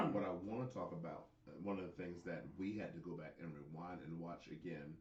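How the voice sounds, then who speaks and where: A man with a very deep voice co-hosts a casual wrestling chat, often stalling and repeating words as he gathers his thoughts. The room is echoey and the sound dull. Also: lively intonation, fairly bright tone, far from the mic. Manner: halting, repeats words as he thinks. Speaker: co-host.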